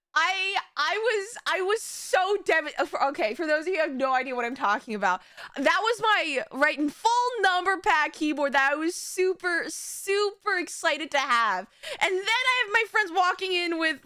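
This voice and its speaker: Young woman streamer, bright, sharp tone, animated storyteller who swears freely. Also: very high voice, a little slow, no echo, clean studio sound. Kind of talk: casual chat.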